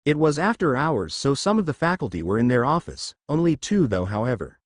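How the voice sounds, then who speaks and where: A man reads a superhero fan story aloud in a narrating voice that rises and falls in lively swings. The recording is dry and close, with no room sound around him. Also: mid-range voice, fairly quick, hardly any pauses, no room sound.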